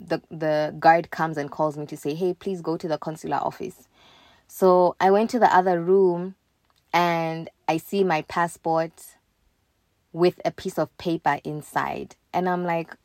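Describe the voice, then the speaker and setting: A woman's voice: on the low side, a little slow, no echo. Woman telling a story, dry close sound. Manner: animated, quoting others in her own voice. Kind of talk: casual storytelling to camera.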